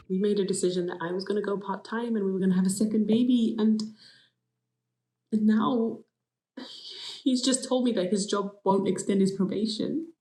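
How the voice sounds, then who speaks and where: A woman's voice: mid-range voice, a little mellow, roomy sound, low-quality recording. A pregnant woman telling a personal story on her vlog, emotional and dramatic as she retells it. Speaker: vlogger.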